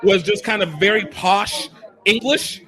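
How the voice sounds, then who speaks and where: A man's voice: sits high, measured pace, over music. An American man hosting a casual interview, telling stories in a playful, laughing way. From United States. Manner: animated, laughing, playful storyteller. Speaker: podcast host.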